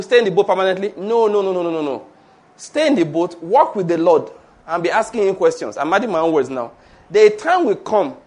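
A man preaching a sermon, his voice pitched high for a man. He delivers it with playful energy and laughs often as he goes. He has the congregation echo his key phrases back to him. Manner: animated and playful, laughs often, leads the audience in repeated phrases.

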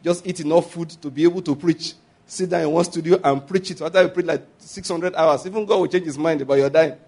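A man's voice: on the high side, fast, darkish tone. Preaching man with call-and-response. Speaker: pastor. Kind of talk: sermon.

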